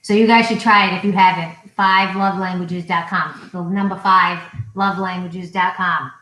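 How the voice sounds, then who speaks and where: A woman's voice: fairly low pitch, steady tone, moderate pace, pushed and bright. A woman co-hosting a casual couple's vlog at home, chatty and teasing while feeling sick. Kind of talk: casual live chat. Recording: roomy echo.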